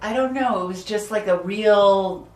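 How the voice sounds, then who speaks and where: A woman guest speaker in a casual interview, telling stories in an upbeat, animated way. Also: medium pitch, a little slow, distant mic. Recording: echoey room, off-mic.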